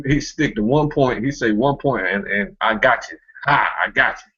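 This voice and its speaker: A man's voice: mid-range voice, a bit bright, highs cut off. A man hosting a casual commentary chat, mocking and laughing often, speaking in loose street slang. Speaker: commentary show host.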